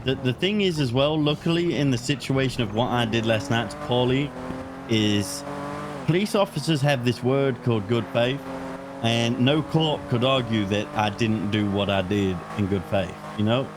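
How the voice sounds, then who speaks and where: British man, cop role-play, mid-pitched, cursing storyteller. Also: normal speed, background noise. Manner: swearing, storytelling, animated retelling. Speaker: police officer in role-play. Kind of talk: in-character role-play chat.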